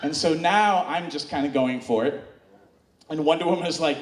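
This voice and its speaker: A man telling a bawdy story live on stage to an audience, animated and shouting out quoted moans. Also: on the high side, normal speed. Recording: distant, roomy live recording with crowd noise.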